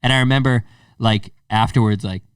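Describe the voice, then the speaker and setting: A young man co-hosting a casual podcast, animated and profane as he acts out the people in his stories. He sits a little away from the mic in a dry, dead room. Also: on the low side, fairly quick, clean tone, no room sound, far from the mic. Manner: animated, swears freely, acts out quotes. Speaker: podcast co-host. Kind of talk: casual storytelling chat.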